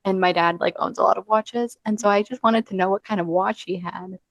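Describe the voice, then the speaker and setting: A young woman on a casual podcast, wandering through an anecdote with plenty of fillers and little quoted exchanges. Her voice sits at an ordinary middle pitch. The sound is close and dry. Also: fairly even intonation, a little fast, creaky, no room sound. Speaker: podcast co-host. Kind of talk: casual chat.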